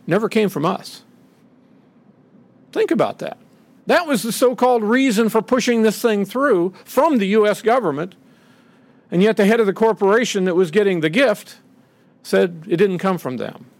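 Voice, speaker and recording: A man's voice: normal speed, dry recording. A middle-aged man giving an impassioned, indignant public speech from a podium, acting out the voices he quotes. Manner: indignant, acts out quoted voices with rising pitch. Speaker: speaker at a podium.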